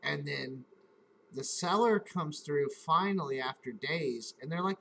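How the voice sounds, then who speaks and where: A man with a slightly higher-than-usual voice hosts a casual live stream. He rambles through a story, swearing freely and replaying his own reactions out loud. A faint hum of noise sits behind him. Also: a little slow, vocal fry, poor audio.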